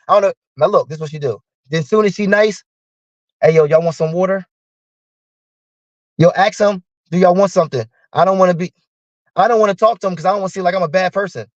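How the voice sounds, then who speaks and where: A man's voice: on the high side, dry recording, highs cut off. Heated, profane man ranting. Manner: profane, heated, animated storytelling. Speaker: live streamer. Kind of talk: ranting monologue.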